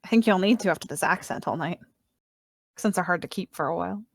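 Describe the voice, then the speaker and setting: Fast-talking chatty woman player. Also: fairly low pitch, creaky. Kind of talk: casual chat at a tabletop game.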